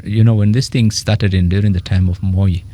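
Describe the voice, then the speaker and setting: A man with a Kenyan accent, a political economist speaking as a radio interview guest, animated and telling stories with quoted asides. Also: lowish voice, moderate pace.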